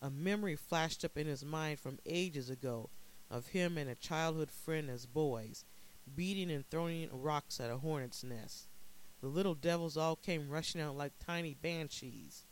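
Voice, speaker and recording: A man narrating a dark short story in a measured, dramatic way. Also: fairly high pitch, rough recording.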